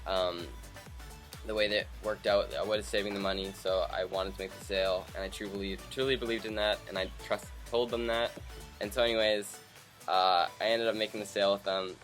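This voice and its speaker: A man's voice: lowish voice, a little fast, faint music behind. A young man from Canada casually telling a story to camera for his vlog, acting out the people he quotes. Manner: animated, acts out quoted people. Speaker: vlogger.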